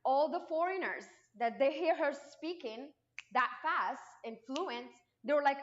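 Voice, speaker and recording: A woman from Morocco with a Moroccan accent and Arabic as her first language, telling her personal testimony at church in a lively way with frequent restarts. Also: high-pitched, normal speed. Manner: lively storytelling with frequent restarts and acted quotes. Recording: dull lo-fi sound.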